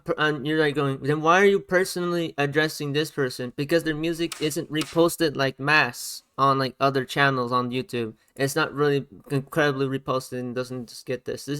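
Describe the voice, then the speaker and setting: A man reacting to music on YouTube talks over the song in a casual, lively rant about its production, pointing out sounds and repeating himself a lot. He has a medium-pitched, clear, resonant voice, with music under it.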